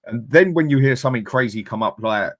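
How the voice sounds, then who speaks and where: A man's voice: mid-range voice, animated, fairly quick, a bit bright, no room sound, studio quality. A man hosting a live fan stream, chatting bluntly and reading out viewer comments. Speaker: fan channel host. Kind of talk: casual live-stream chat.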